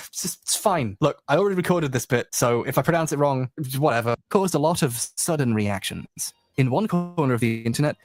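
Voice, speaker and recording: Male video essayist, quick and lively, sarcastic, dry close recording. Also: mid-range voice, no echo. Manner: sarcastic, wry asides. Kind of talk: scripted video essay commentary.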